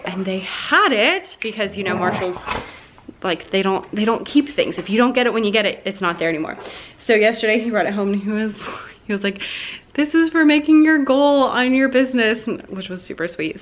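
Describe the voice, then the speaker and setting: A woman's voice: medium pitch, fairly quick, fairly bright tone, a little hiss or hum. A young woman and schoolteacher chatting casually to camera in a vlog, bubbly and full of asides. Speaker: vlogger and schoolteacher.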